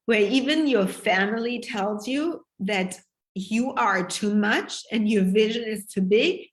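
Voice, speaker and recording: A woman business coach giving a passionate, emphatic live sales pitch to her online group, swearing freely as she talks. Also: takes it slowly.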